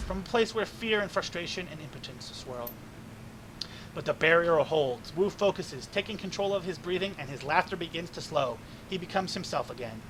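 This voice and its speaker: A man's voice: a little high, animated, normal speed, noisy background. A man reading a game's story text aloud as the let's play narrator.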